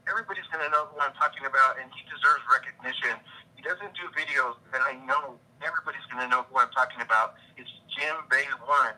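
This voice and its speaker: A man chatting as a guest on a collecting show, upbeat and quick to give shout-outs. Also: medium pitch, rough recording. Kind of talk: casual chat.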